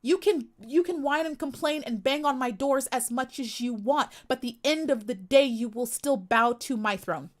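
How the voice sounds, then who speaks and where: Young woman streamer from the US, slightly high-pitched, sharp and sassy, scolds her chat head-on. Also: moderate pace, hardly any pauses. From United States. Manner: sassy, confrontational, emphatic repetition. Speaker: livestream host. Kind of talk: live stream chat commentary.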